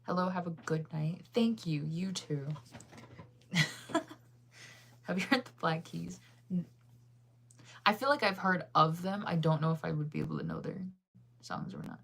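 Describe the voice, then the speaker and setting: A chatty young woman talks casually to her stream, reading comments aloud and laughing often. Her voice sits a little low for a woman. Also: very animated, normal speed, gravelly, long pauses, fairly bright tone. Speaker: livestreamer.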